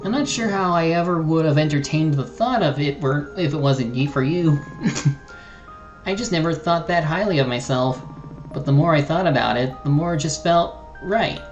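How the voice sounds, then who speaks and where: A streamer voicing a soft-hearted, forgiving young woman paladin and healer, reading game dialogue aloud with stumbles and restarts. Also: low-pitched, normal speed, lo-fi sound, soft background music, close to an everyday voice. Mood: tender.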